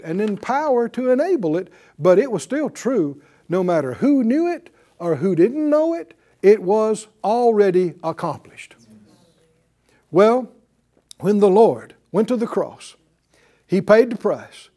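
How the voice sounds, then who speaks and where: A man's voice: high-pitched, a little slow. An older man preaching a sermon, calling for responses from the congregation and telling a story from his ministry. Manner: animated call-and-response preaching, hallelujahs; storytelling, acting out both sides of a conversation.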